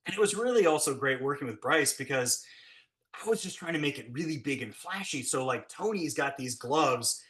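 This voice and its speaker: Bright, animated man telling stories. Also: normal speed. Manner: animated, acts out quotes with big pitch jumps. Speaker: guest, special effects blacksmith. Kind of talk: casual storytelling.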